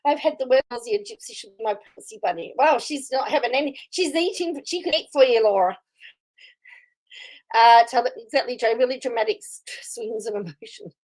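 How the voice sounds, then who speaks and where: A woman hosts a casual live commentary on a video, chatting along and reading viewers' comments aloud. She laughs often, and her voice sits fairly high for a woman. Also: animated, normal speed, long pauses, a little mellow, poor audio. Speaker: commentary host reacting to a video.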